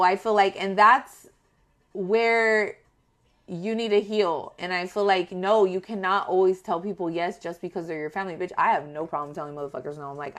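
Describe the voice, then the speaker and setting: A woman giving a casual tarot reading to her viewers, talking in a blunt, profane and animated way. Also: lowish voice, moderate pace. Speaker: tarot reader.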